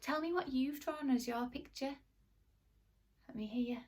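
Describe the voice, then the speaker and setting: A woman's voice: high voice, normal speed, a little mellow. Woman, phonics teacher for small children, sing-song and encouraging, a bit distant from the mic. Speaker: primary school teacher. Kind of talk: phonics lesson for young children.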